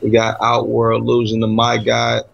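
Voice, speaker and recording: A man's voice: medium pitch, completely flat delivery, a little slow, creaky, muffled recording. A man co-hosting a casual chat, teasing and trash-talking the other player.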